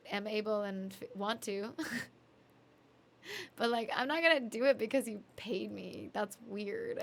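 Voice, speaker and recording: A woman's voice: a little high, fairly bright tone. A woman streaming live from home, chatting and laughing between songs, sleepy and reading chat aloud. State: sleepy, yawning. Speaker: music streamer.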